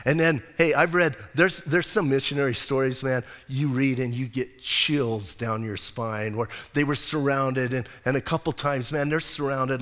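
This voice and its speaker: Animated male pastor in an echoing church. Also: medium pitch. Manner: casual, animated storytelling. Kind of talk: sermon. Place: church sanctuary. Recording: long church reverb.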